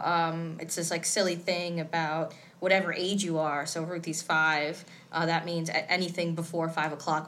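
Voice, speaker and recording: A woman's voice: fairly low pitch, fairly bright tone. A woman co-hosting a podcast, recapping an episode in easygoing, rambling chat. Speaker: podcast co-host.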